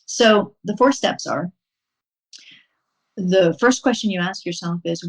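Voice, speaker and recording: Calm, low-voiced woman guiding a practice. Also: breathy edge, low-quality recording. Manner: calm, instructive, unhurried with frequent um pauses. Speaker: podcast guest, horse-assisted wellness coach. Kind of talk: explaining a mindfulness practice in a podcast interview.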